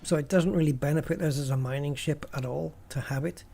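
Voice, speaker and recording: A man's voice: a little high, quick pace, vocal fry, dark tone, soft background music. A man hosting a gaming channel, chatting casually and thinking aloud as he plays. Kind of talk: casual gameplay commentary.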